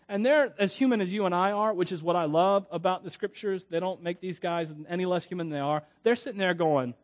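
A man's voice: high-pitched, a little fast. A middle-aged man preaching a conversational sermon, joking often and reading scripture aloud with emphasis. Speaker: pastor.

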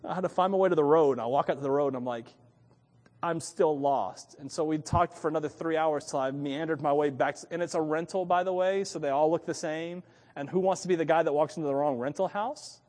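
A man preaching a sermon in a chatty, animated storytelling way, often laughing at his own asides. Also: fairly high pitch, fast talker, big-room sound. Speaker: pastor.

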